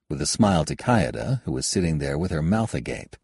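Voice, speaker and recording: A man narrating an audiobook in the first person, telling the story calmly. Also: deep voice, moderate pace, hardly any pauses, slightly rough, dry recording, studio quality. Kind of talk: scripted narration.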